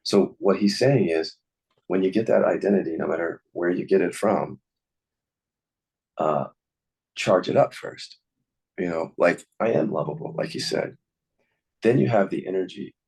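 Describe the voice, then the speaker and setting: A man's voice: deep voice, moderate pace, gravelly, pauses often, darkish tone, slightly rough, rough recording. A man teaching on a podcast in an earnest, encouraging, plain-spoken way. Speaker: somatic inquiry teacher.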